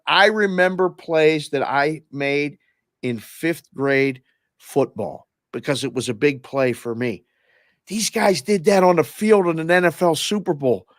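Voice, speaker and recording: A man's voice: a little high, no echo, studio quality. A man, a former oddsmaker, chatting casually as a guest and telling stories animatedly. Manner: animated storyteller, acts out the people he quotes. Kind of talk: casual sports-betting chat.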